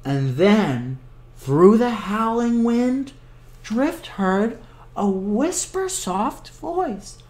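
A man hosting a children's story time, reading a picture book aloud in a slow, gentle, expressive way. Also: high-pitched.

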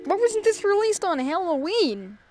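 A woman's voice: very high-pitched, big pitch swings, normal speed, a little mellow, soft background music. A woman playing a spooky video game and commenting as she goes, jumpy and exclaiming, with the odd curse. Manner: jumpy, exclaiming, swearing now and then. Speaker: gamer. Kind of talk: let's play commentary.

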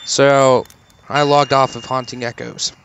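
A man's voice: medium pitch, little pitch movement, unhurried, vocal fry, lo-fi sound, background noise. A young man from Kansas telling a personal campfire story in a casual way, swearing often and laughing as he goes. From Kansas, United States. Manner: swears often, laughs while telling, quotes others in his own voice.

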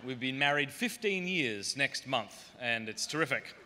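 A man from Australia, whose Australian accent has softened, gives a humorous talk to a conference audience in a large hall, telling self-deprecating stories with comic asides. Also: medium pitch, animated, unhurried, background noise. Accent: muted Australian. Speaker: conference speaker. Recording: long reverb of a large hall.

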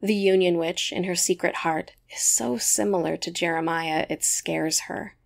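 A woman narrating a short story in a measured, even storytelling manner. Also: lowish voice, gravelly.

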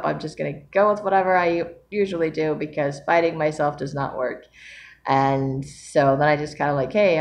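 A woman with a low, deep voice talks through her writing struggles in a casual, rambling vlog. She is tired from lack of sleep, fills her pauses with ums and soft laughs, and a faint background hum sits under her voice. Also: gravelly. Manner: rambling, laughs often, many ums and self-talk. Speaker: author vlogging about her writing.

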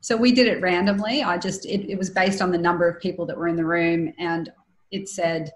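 A woman's voice: lowish voice, moderate pace. Hesitant Australian woman in an echoey room. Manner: thoughtful, hesitant. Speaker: panelist. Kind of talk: casual video-call panel chat. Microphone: video call.

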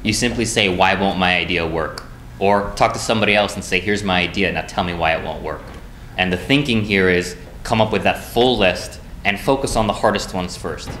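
Deep-voiced man lecturing in an echoey room. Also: fairly quick, a bit bright. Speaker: business school instructor. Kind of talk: recorded lecture. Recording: echoey room, faint noise.

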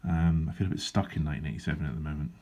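A man with a low, deep, warm voice chats rapid-fire about his drawing plans, like a comic artist vlogging from his desk. His humour is dry and self-deprecating, and he drifts into asides. It's recorded on a handheld camera that wobbles.

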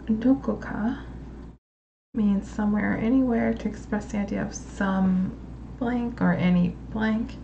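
A woman reading her study notes aloud and explaining them slowly, in a study-with-me video. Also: medium pitch, steady tone, gravelly, warm tone, muffled recording, slight background noise. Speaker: language learner studying on camera.

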